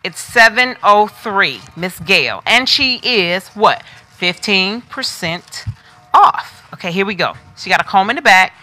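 This live-stream wig seller keeps things casual, talking right to viewers as she shows pieces. She sounds animated yet keeps a measured pace, with a sharp tone in her mid-range voice.

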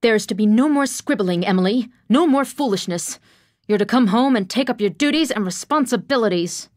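A woman's voice: a little high, lively intonation, brisk, darkish tone, no echo, clean studio sound, natural voice. A woman reading the lines of an angry, domineering husband in an audiobook, giving orders in a stern, commanding tone.

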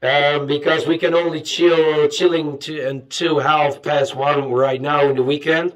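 A man from Afghanistan, an amateur rapper, talks in a casual, rambling way, excited and full of hype, as he shows off something new on his vlog. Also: on the high side, a little slow.

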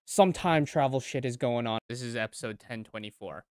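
A man reacting to an anime episode, moving between low muttering and sudden loud outbursts. He stammers, repeats himself and swears freely. His voice sits on a close mic with a dry, echo-free sound. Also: normal speed. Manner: excitable, swings between mumbling and loud outbursts. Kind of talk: casual reaction commentary.

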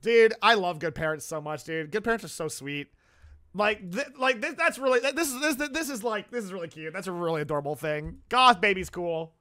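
A man hosting a casual reaction video who talks in an excitable, rambling way. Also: high voice, fairly quick. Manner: excitable and rambling, with frequent outbursts.

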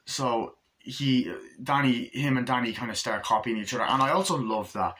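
Profane rambling man, bright voice. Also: normal speed. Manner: rambling, profane, acts out scenes in a higher voice. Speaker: movie reviewer. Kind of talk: casual spoken film review.

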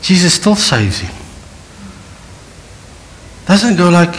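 A middle-aged pastor with a South African accent delivers an animated sermon. His pitch rises and falls widely as he acts out the scenes, and faint noise sits under the recording. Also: unhurried, rough recording. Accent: South African English. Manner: animated, acts out Bible scenes in different voices.

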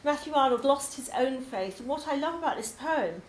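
A woman's voice: high-pitched, lively intonation, normal speed. An English woman presenting her poetry course to a group, enthusiastic and chatty with frequent ums. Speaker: poetry tutor. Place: labour club hall. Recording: echoey hall, faint noise.

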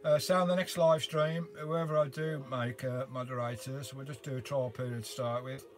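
An older man hosting a casual van life live stream, rambling warmly through viewer comments with lots of "uh" fillers, recorded inside his camper van. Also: mid-range voice, steady tone, moderate pace, a little hiss or hum. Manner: chatty, rambling, frequent "uh" fillers, calls viewers mate and sugar. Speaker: vanlife live-stream host.

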